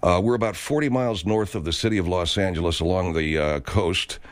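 A man's voice: low voice, a little fast. A man hosting a comedic radio talk show, rambling and stammering through digressions in a studio.

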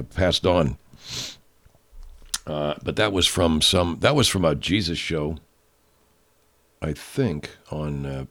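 A man hosting a podcast pre-show, rambling casually, swearing and checking his sound levels. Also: sits low. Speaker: podcast host.

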